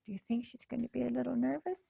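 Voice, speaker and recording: A woman librarian reading a storybook to children, gently asking them questions as she goes. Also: a little high, steady tone, rapid-fire, vocal fry, breathy edge, no echo. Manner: gentle, asks children questions, soft gasps. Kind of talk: children's storytime read-aloud.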